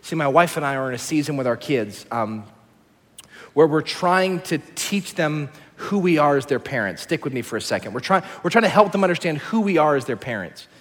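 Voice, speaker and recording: A man in his thirties preaching a sermon as a pastor, telling stories with lively shifts between hushed and excited delivery. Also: a little high, brisk, in a large hall.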